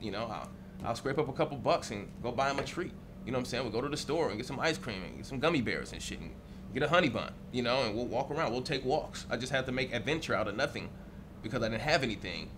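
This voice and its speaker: A man's voice: mid-range voice, expressive, fast, background noise. A man, a teacher, speaking candidly in a reflective interview with casual swearing.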